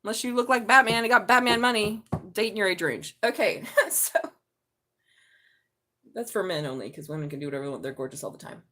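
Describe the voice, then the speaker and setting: A woman's voice: medium pitch, animated, a little fast, bright, forceful tone. A middle-aged woman reading tarot on a casual live stream, blunt and chatty, swearing freely. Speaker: tarot reader.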